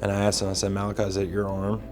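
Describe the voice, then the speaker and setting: A man recounting a tornado rescue as documentary testimony, halting and full of restarts. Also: lowish voice, completely flat delivery.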